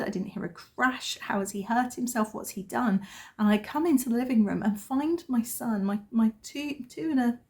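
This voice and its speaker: A gravelly, medium-pitched voice belongs to an English woman in her thirties. She's a vlogger chatting casually, telling a family story with self-deprecating humour.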